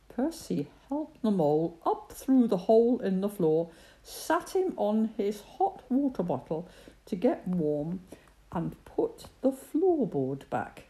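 A woman reading a children's story aloud in an expressive, sing-song way. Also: medium pitch, takes it slowly.

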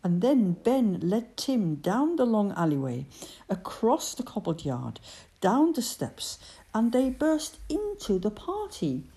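A woman reading a storybook aloud with expressive, gentle storytelling. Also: mid-range voice, slow.

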